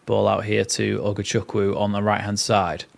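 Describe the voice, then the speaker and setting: A man's voice: on the low side, completely flat delivery, normal speed, vocal fry. A young man hosting a live watchalong, mixing play-by-play with chatty, rambling asides. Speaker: fan channel host.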